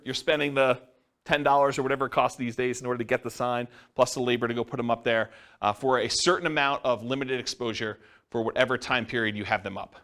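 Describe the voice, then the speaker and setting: A man's voice: mid-range voice, a bit bright. A middle-aged man giving a casual, rambling classroom lecture on real estate investing to a live audience. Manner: casual, rambling, self-described introvert. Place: meeting room with a live audience.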